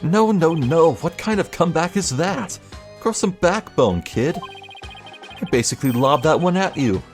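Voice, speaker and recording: A man voicing a brash, sleazy middle-aged TV producer with fast showbiz patter. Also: on the high side, sing-song, faint music behind. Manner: fast-talking showbiz patter, drawn-out taunts.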